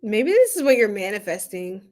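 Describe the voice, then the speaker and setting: A woman giving a casual tarot reading to her viewers, slangy and playful, laughing often and swinging from loud outbursts to soft asides. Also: medium pitch, sing-song, moderate pace. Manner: slangy, repeats phrases. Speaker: tarot reader.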